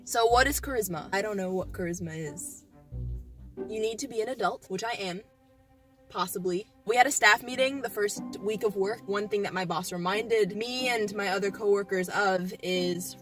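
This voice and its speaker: A woman's voice: medium pitch, expressive, moderate pace. A young woman vlogging in a casual diary style, playful and dramatic, swinging between musing and mock despair. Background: music.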